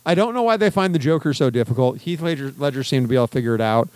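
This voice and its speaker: A man's voice: mid-range voice, animated, rapid-fire, darkish tone, dry recording. Matter-of-fact male podcast co-host. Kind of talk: casual chat.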